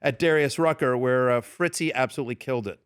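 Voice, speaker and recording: A man's voice: medium pitch, quick pace, smooth, no echo, clean studio sound. A man working as a fantasy football analyst, chatting in an interview and acting out the people in his stories. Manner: animated storyteller, acts out quoted yelling. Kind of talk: casual interview storytelling. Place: radio studio.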